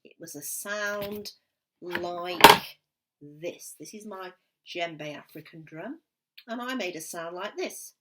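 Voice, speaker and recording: A primary school music teacher with a lowish voice leads a recorded lesson for young children, slow, patient and encouraging, sometimes dropping to a whisper. There's heavy background noise.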